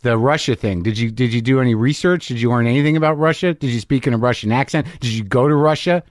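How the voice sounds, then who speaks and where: Fast-talking teasing male podcast host. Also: medium pitch, no room sound, clean studio sound. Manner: quick, teasing, stammering restarts. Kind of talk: casual interview chat.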